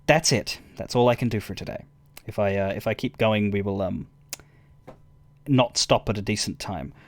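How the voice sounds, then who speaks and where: A man's voice: fairly low pitch, fairly even intonation, normal speed. A man streaming a game, chatting casually in a rambling way, stammering and chuckling as he talks to his chat.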